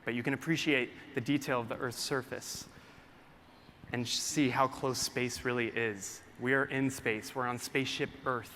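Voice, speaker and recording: Young man, emotional live talk, earnest storytelling, bright voice, echoing hall, faint noise. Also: medium pitch, normal speed. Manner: excited storytelling, choked up and earnest. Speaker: photographer presenting his work. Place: large hall with a live audience. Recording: long hall reverb, faint room noise.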